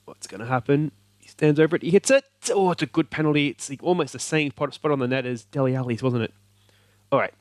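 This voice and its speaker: A man with an Australian accent hosting a let's play, giving excited commentary and cheering at the screen. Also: medium pitch, quick pace, no echo. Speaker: video game let's play host.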